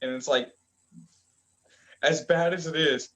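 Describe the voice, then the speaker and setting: A man's voice: a little high, fairly even intonation, takes it slowly, a bit bright, muffled recording. A man casually recapping manga chapters as a reviewer, rambling with lots of fillers. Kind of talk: casual chat.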